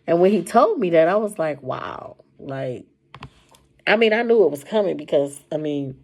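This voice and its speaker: A woman casually telling a personal story to camera, animated and colloquial, her voice jumping high when she quotes herself. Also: moderate pace, pauses often. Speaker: storyteller sharing a personal testimony.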